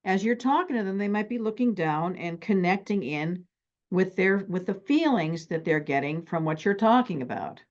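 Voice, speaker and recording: Animated, extroverted woman therapist teaching. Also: medium pitch, normal speed, muffled recording. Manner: animated, extroverted, acts out anecdotes. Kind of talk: teaching talk with stories.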